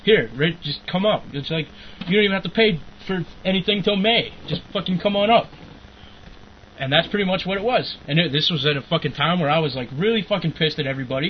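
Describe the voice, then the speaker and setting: A young man ranting profanely in a casual chat, rambling and breaking into angry shouting. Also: a little high, quick pace. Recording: muffled lo-fi recording with faint hiss.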